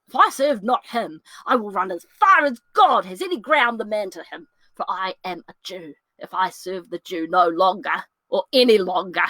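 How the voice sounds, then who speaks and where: A woman's voice: on the high side, a bit bright, no echo, exaggerated voice. A woman playing a jittery young male comic servant, bouncing between voices for his fiend and his conscience in a solo reading of a classic play.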